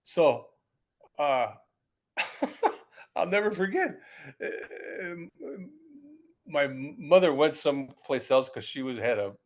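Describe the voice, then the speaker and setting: A man's voice: on the high side, big pitch swings, slow pace, long pauses, slight background noise. Older man rambling through a story. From United States. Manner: rambling, repeats words and restarts, laughs while telling stories. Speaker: guest, former pro football player. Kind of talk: casual storytelling interview.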